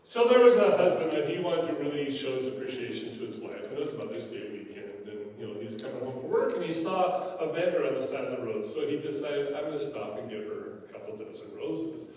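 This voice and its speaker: Older pastor, mellow, echoing hall. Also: male voice, mid-range voice, fast, hardly any pauses. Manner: folksy, anecdotal storytelling with filler words. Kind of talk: sermon. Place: church sanctuary. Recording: echoey church hall, distant mic.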